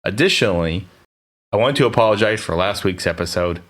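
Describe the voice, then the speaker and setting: A man's voice: on the low side, lively intonation, fairly quick, fairly bright tone. An American man co-hosting a podcast in casual chat, teasing and joking around. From United States. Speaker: podcast co-host.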